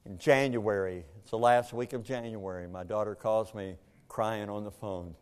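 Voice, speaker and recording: An older male pastor delivering a sermon in a fervent, emotional voice. He surges into loud, pleading questions, then drops to a low, weary hush as he tells a family story. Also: steady tone, normal speed, few pauses, clear, resonant tone. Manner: emotional storytelling, swinging from shouted questions to hushed, heavy delivery.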